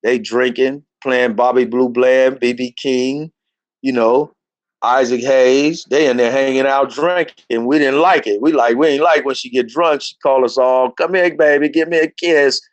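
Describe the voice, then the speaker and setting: Animated storytelling man, dry sound. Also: unhurried, dry recording. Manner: animated, acts out quoted voices in a higher pitch. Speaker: interview guest telling his life story. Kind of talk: casual storytelling.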